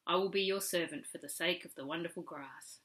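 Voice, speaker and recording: A woman's voice: fairly low pitch, fairly quick, fairly bright tone, lightly acted. A woman voicing a humble male wild horse in a storybook reading, earnest and pledging. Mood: devoted.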